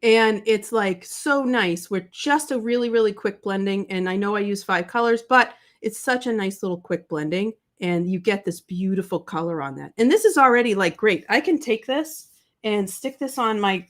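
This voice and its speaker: A woman with a mid-range voice and lively intonation speaks at a moderate pace while hosting a live papercraft tutorial. She chats and gushes to her viewers, coughing now and then from a summer cold.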